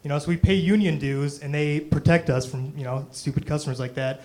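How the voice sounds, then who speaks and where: A man's voice: fairly high pitch, steady tone, a little fast, a little mellow. A young man doing a stand-up comedy set on stage, rambling and self-deprecating, full of "you know" and "um".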